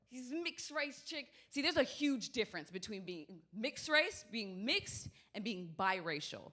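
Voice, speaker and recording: A woman doing stand-up comedy, telling stories in a brash, profane, animated way. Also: a little high, measured pace, few pauses.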